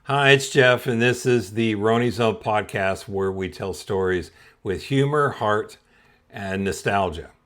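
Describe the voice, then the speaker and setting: A man's voice: lowish voice, measured pace, fairly bright tone. Chuckling man telling a funny story. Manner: chuckles often while telling. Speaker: podcast host. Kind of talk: comedic personal storytelling.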